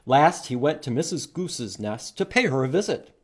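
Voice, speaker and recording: A man reading a picture book aloud to children as a librarian, animated and stopping to ask them questions. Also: medium pitch, normal speed, slightly rough. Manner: animated, asks the listeners questions.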